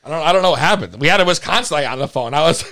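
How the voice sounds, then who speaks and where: A man's voice: a little high, expressive, very fast, sharp tone. A man hosting a call-in podcast in casual chat, laughing often and talking in slang with casual swearing. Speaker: podcast host taking calls.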